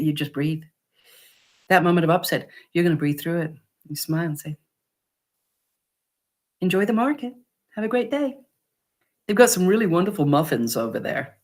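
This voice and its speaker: A woman vlogger who makes upcycled clothing, giving casual, encouraging advice to camera and acting out customers. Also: lowish voice. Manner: encouraging, lively, acts out customer quotes.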